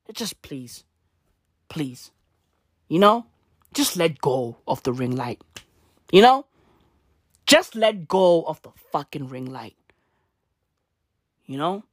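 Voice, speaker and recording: A woman doing a profane comedic rant, full of slang, swinging from loud outbursts to low mutters. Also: no room sound, studio quality. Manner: swears constantly, slangy, swings between shouting and muttering.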